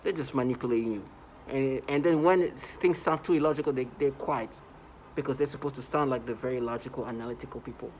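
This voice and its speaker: A man of middle pitch talks straight to his viewers in a loose, insistent monologue. He keeps circling back and restarting his phrases. A faint hiss sits under his voice. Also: fast, darkish tone, rough recording. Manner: repetitive, emphatic, many restarts. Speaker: vlogger. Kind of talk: casual monologue to camera.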